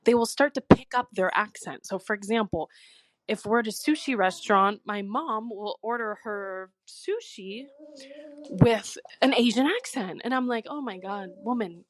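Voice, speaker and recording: Chatty young woman with a bright voice. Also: fairly high pitch, lively intonation, normal speed. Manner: chatty, exasperated storytelling. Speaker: listener sending in a story. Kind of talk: recorded voice message.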